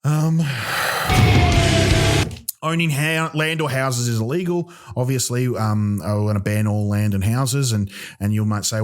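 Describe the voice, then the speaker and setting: A man of ordinary pitch riffs through a comedic monologue, swearing freely. He rambles, trips over restarts and fills the gaps with ums as he builds each bit. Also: steady tone, a little slow, soft background music. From Australia. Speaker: comedy podcast host. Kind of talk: solo comedic rant.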